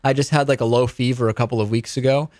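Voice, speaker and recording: Male radio host, average pitch, dry close studio sound, easygoing news chat. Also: steady tone, fast, a little mellow, no echo. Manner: conversational, stammers and restarts, chatty asides. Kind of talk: political news talk show.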